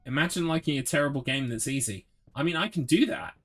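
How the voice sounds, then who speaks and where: A man's voice: mid-range voice, expressive, fast, faint music behind. A young man streaming a horror game, ranting sarcastically and swearing as he gets frustrated. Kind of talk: live gameplay commentary.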